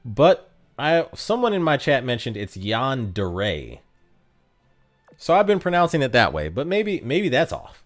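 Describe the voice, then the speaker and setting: American male streamer, animated pitch, playful chat-reading, light music under. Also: measured pace. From United States. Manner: reads chat aloud, joking, playfully self-deprecating. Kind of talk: casual live-stream chat.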